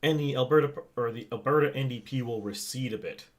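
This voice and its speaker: A man's voice: mid-range voice, fast. A man co-hosting a casual podcast, speculating at length about an election with frequent restarts, recorded on a microphone he shares with his co-host at home. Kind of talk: casual political chat. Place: home setup, not a studio.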